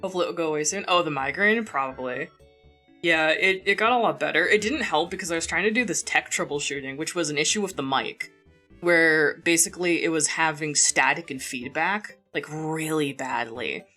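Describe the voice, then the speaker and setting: Speaking briskly in a low-pitched, bright, forceful voice, a young streamer rambles and laughs through a casual live chat. She uses a borrowed desk mic in her home room, with faint background music.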